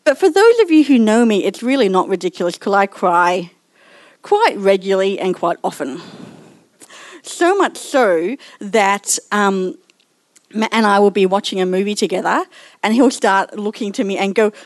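A woman's voice: mid-range voice, lively intonation, normal speed, no echo. Chatty woman giving a sermon, dry sound. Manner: personal and chatty, laughing at herself. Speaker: church speaker.

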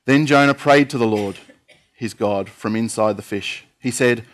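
A man's voice: mid-range voice, a little slow. Man preaching a sermon. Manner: steady reading with occasional fillers. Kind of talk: sermon reading scripture aloud.

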